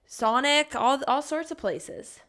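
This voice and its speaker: A woman's voice: high-pitched, takes it slowly. A woman co-hosting a podcast, telling stories in casual chat with a lot of "like". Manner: animated storyteller, heavy use of "like". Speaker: podcast co-host.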